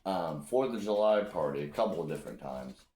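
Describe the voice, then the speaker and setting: A man's voice: deep voice, brisk. A man hosting a casual chat, telling loose, profane stories with lots of energy. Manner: loose, profane, animated storytelling. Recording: echoey room with faint noise.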